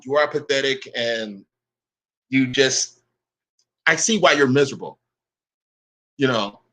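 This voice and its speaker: A man's voice: mid-range voice, bright, forceful tone. A man in a profane, confrontational rant to camera. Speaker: online commentator.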